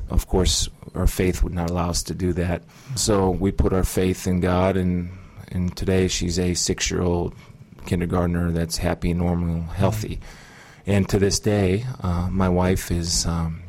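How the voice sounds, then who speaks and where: A middle-aged man earnestly recounting a personal testimony in an interview, measured and pausing often. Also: low voice, level tone, a little mellow. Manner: earnest, measured storytelling with frequent pauses. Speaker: guest sharing testimony.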